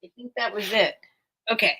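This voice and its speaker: A woman's voice: medium pitch, moderate pace, background noise. A woman hosting a casual live-stream sale from home, chatty and rambling, often thanking her viewers.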